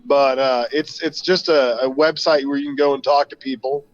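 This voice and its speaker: A man's voice: mid-range voice, steady tone. A man from Missouri talking on an online call, his mid-range voice coming through dull and lo-fi. He rambles and halts as he explains. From Missouri, USA. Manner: rambling, halting with fillers. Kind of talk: casual chat.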